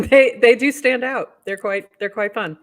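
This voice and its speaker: A woman co-hosts a casual news roundup podcast chat, upbeat and laughing often as she reads posts aloud. Her voice is fairly high and a little slow.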